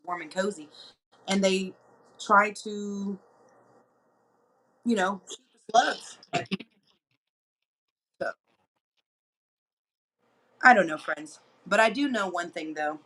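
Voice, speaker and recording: Candid, chatty woman host with a low voice. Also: moderate pace, long pauses, poor audio. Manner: heartfelt and chatty, with animated quoted asides. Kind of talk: candid personal talk to viewers.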